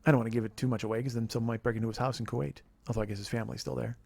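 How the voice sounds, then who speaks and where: A man's voice: mid-range voice, steady tone, racing, vocal fry, a little mellow. A man hosting a podcast, telling a rambling comedic story in a loose, profane way. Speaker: podcast host.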